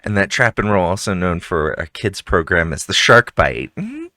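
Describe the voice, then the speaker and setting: A man hosts a casual interview podcast with a very low voice. His tone is bright and forceful, and the sound is close and dry. He keeps it upbeat, with easy chuckles. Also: big pitch swings, moderate pace, no room sound. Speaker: podcast host.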